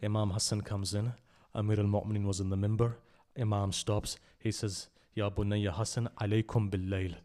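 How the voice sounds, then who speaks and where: Mourners in a religious centre hall hear a man reciting with passion, his voice swelling into loud cries and sinking low once more. He asks them direct questions often, speaking at normal speed with few pauses and little pitch movement.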